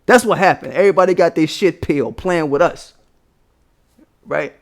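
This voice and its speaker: A man's voice: fairly high pitch, normal speed. Profane, emphatic man ranting live. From United States. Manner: profane, emphatic, laughing scornfully. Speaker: livestream host. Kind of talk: casual political rant.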